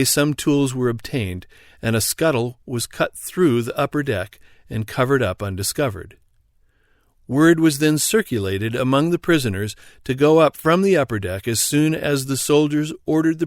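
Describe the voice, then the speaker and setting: A man narrating an audiobook in a steady, even storytelling read. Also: mid-range voice, dry recording, studio quality. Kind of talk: scripted narration.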